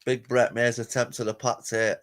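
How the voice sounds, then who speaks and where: A man at a typical middle pitch hosts a live reaction stream. He talks casually and comments on the clips he plays, and he keeps addressing his viewers directly. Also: little pitch movement, moderate pace. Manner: chatty, addresses viewers as "people".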